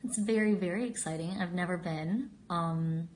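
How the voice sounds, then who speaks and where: A woman in her twenties with a lowish, slightly mellow voice chats casually at a moderate pace on a phone live stream, the phone held at arm's length. Bubbly and giggly, she reads out fan usernames and answers their questions.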